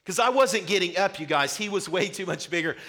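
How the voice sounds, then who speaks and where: A man's voice: high voice, a little fast. A young man preaching a sermon to a church congregation, telling stories with animation. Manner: animated storytelling, acts out his childhood self. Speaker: pastor. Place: church sanctuary.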